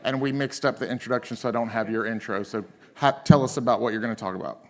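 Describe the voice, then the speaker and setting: A man's voice: medium pitch, quick pace. Joking Southern man hosting a stage. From South Carolina. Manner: joking, teasing, loose. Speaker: conference emcee. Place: conference stage.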